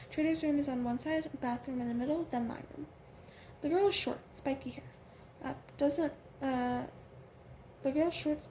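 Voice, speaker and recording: A woman reading a first-person novel aloud, halting often with fillers and restarts. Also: sits high, darkish tone, a little hiss or hum. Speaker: audiobook reader.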